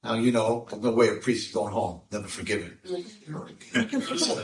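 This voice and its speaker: A rabbi telling a story to a live audience, moving between hushed passages and loud, emphatic bursts. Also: male voice, on the low side, steady tone, moderate pace. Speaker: rabbi and speaker. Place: room with an audience. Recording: echoey room, voice from a distance.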